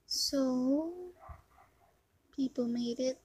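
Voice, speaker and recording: A woman chats her way through a video game with a high, somewhat husky voice. She talks at an unhurried pace between sudden excited yelps and hushed mutters. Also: low-quality recording. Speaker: gamer commentating her play. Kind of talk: casual gameplay commentary.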